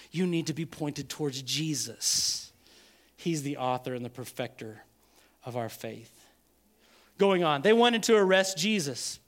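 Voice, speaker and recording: A man preaching a sermon as pastor, animated and acting out the people in the story. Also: sits high. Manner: animated, acts out quoted voices.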